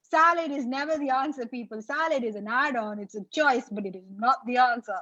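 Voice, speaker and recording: A woman guest in a casual conversation, talking in animated storytelling bursts full of "like", heard over a video call. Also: high voice, brisk, no echo. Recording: dull, dry, lo-fi sound.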